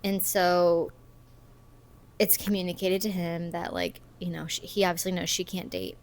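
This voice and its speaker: A woman's voice: on the low side, little pitch movement, moderate pace, slight background noise. A woman in her thirties co-hosting a podcast, chatting casually and giggling as she trails off mid-sentence. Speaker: podcast co-host. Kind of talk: casual chat recapping a movie.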